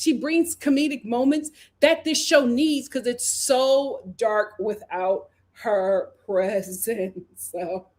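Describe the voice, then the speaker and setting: Woman host chatting through a reality tv recap, kinda high voice, lots of "like" and little laughs. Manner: chatty and opinionated, full of "like" and "you know"; laughs often while talking.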